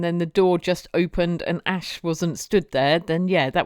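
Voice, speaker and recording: A woman's voice: fairly low pitch, a little slow, no echo, studio quality. A woman streaming, chatting casually with viewers and often repeating her words as she goes. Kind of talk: casual live-stream chat.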